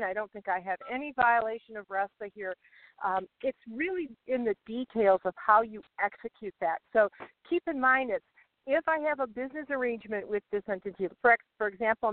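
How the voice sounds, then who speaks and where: A woman with a slightly high voice phones in from her car, pulled over beside a rural road, as a regular guest on a mortgage industry show. Over a tinny cell phone line with no room sound, she gives a casual update explaining rules, full of fillers and restarts.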